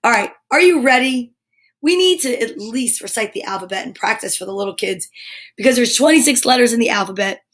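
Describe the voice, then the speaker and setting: A woman hosts a live story time stream from home, her voice sitting a bit high. She chats with her audience in a bubbly, playful way and reads tongue twisters aloud. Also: expressive, a little fast. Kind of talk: casual chatty live stream to viewers.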